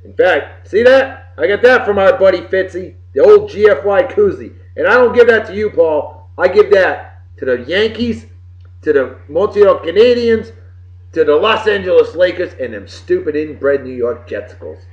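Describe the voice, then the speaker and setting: Brief: middle-aged male web-show host, rowdy and folksy, very lively pitch, dull lo-fi audio. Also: normal speed. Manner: boisterous, folksy, swearing, wisecracking. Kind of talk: casual birthday shout-outs on a web show. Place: home room with computer behind him. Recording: roomy, dull lo-fi webcam audio.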